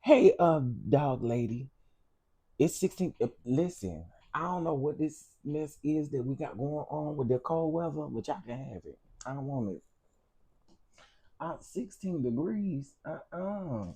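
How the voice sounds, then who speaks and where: A man's voice: fairly high pitch, expressive, a little slow, warm tone, slightly rough. A man hosting a casual livestream, greeting viewers by name and repeating his phrases. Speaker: livestream host.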